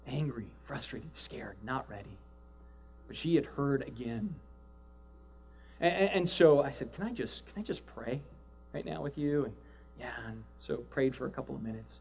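A male pastor telling a story from the pulpit, moving from quiet, low-key retelling to loud, excited exclaiming. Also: muffled recording, a little hiss or hum. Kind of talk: sermon with storytelling.

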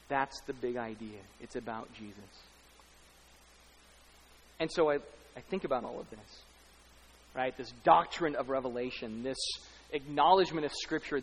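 A man's voice: medium pitch, fairly bright tone, a little hiss or hum. A man preaching a sermon as pastor, speaking emphatically, building runs of repeated lines and rhetorical questions. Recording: long hall reverb.

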